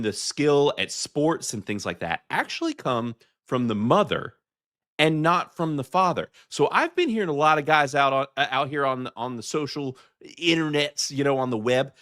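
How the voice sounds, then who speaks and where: A man's voice: medium pitch, a bit bright, dry recording, clean studio sound. A man with a Southern accent hosting a live podcast, chatting loosely through clips with lots of fillers and restarts. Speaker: podcast host. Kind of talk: live commentary reacting to clips for chat.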